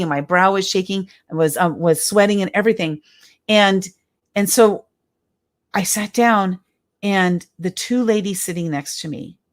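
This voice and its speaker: A woman in her fifties giving an emphatic, heartfelt motivational talk as a speaker and coach, often repeating her phrases. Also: lowish voice. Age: 50s.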